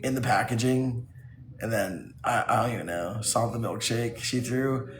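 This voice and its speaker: A man's voice: mid-range voice, normal speed, echoey room, faint music behind. A man on a casual live stream who laughs often while reading his chat aloud and riffing on its jokes.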